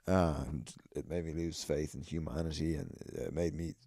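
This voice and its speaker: Low-voiced sweary Irish man. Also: normal speed, vocal fry, dark tone, no echo, clean studio sound. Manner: sweary, rambling, sardonic. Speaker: podcast host. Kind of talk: solo podcast storytelling.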